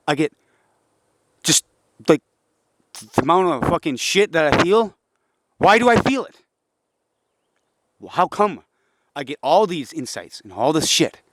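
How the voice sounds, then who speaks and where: Agitated, profane young man ranting. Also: a little hiss or hum. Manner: agitated, profane, swings between preachy and low frustrated mutters. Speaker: vlogger. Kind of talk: casual rambling monologue.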